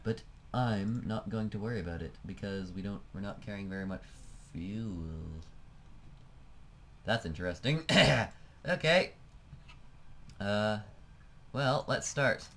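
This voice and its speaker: A man's voice: on the low side, takes it slowly, long pauses, a bit bright, a little hiss or hum, rough recording. A man giving casual, self-mocking commentary while playing a flight game, laughing often. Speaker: let's play gamer.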